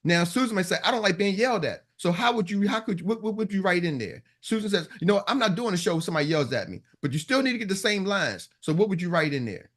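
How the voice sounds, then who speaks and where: Emphatic high-voiced sales coach, man. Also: expressive, quick pace, few pauses, a bit bright. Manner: emphatic, repeats himself, acts out customer lines. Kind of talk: motivational coaching talk.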